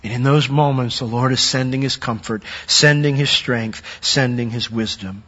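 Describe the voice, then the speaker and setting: Husky-voiced man preaching in a reverberant hall. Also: normal speed, a bit bright. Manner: earnest, rising in pitch and force when acting out a doubting worshipper's words. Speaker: pastor. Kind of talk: sermon. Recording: dull sound with long hall reverb.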